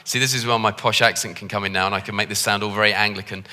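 Jokey Liverpool preacher in a reverberant hall. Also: male voice, fairly low pitch, fairly even intonation, quick pace, hardly any pauses, pushed and bright. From Liverpool, England. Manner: jokey, self-deprecating, conversational. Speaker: visiting preacher. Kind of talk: sermon. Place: church hall. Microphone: handheld microphone.

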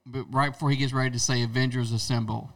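A man's voice: medium pitch, level tone, quick pace, a bit bright, no room sound, far from the mic. Man, podcast co-host, brash, profane, joking, dry sound, a bit off the mic. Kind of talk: casual chat.

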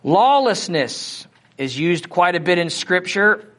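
A man's voice: sits high, sing-song, slow, a bit bright. A middle-aged man from Missouri with a Missouri accent, teaching a Bible lesson in a conversational way and often checking in with his listeners. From Missouri, USA. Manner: conversational, asks the audience questions. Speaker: preacher.

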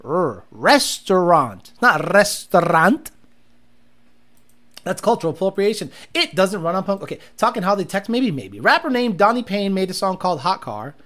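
Lively host with a swooping voice. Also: mid-range voice, a little fast, few pauses. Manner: animated storytelling, frequent laughter, profane. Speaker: livestream host reading chat comments. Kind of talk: casual chat.

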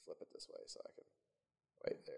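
A man's voice: fairly quick, a crowd in the background. A man from the American South with a Southern accent, chatting casually as a podcast co-host. He talks in a laid-back way, swears freely and laughs often. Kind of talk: casual chat.

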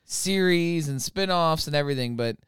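Earnest podcast dude explaining himself, super crisp clear voice. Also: male voice, on the high side, normal speed, a bit bright, no echo, clean studio sound. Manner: earnest, explains his picks. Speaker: podcast co-host. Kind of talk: casual banter.

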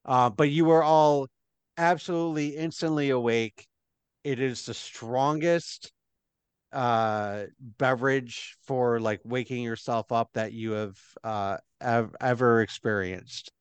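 A man's voice: medium pitch, slow pace, clear, resonant tone, no room sound. A man running a tabletop game as game master, narrating in a rambling way with lots of fillers.

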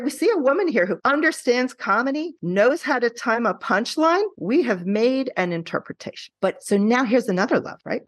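A woman who teaches qualitative research, guesting on a podcast and telling stories in an animated way, often checking in with "right?". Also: on the high side, husky, no room sound. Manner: animated storytelling, frequent tag questions.

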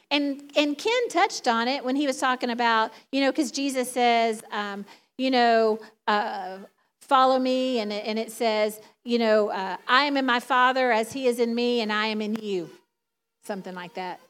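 A middle-aged woman preaching a sermon in a chatty, conversational way, laughing often. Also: fairly high pitch.

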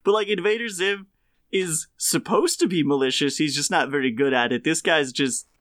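A man's voice: fairly high pitch, normal speed, a bit bright, no echo. A man co-hosting a casual podcast, laughing often and talking enthusiastically about a video game. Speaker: podcast co-host. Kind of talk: casual chat.

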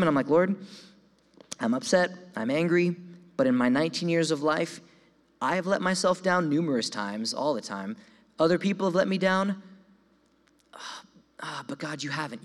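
Young man telling a lively testimony. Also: on the high side, moderate pace, long pauses. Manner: animated storytelling, voices his own quoted thoughts; repeats words when excited. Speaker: speaker giving a testimony. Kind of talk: sermon testimony. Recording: long hall reverb.

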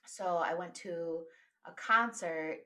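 Bright-voiced woman telling stories. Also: lowish voice, slow pace. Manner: animated storyteller, laughs often. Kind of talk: casual chat.

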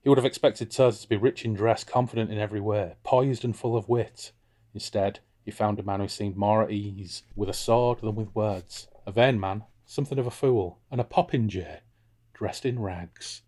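A man's voice: on the low side, normal speed, a little mellow. A man hosting a casual book discussion podcast, irreverent and jokey. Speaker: podcast host.

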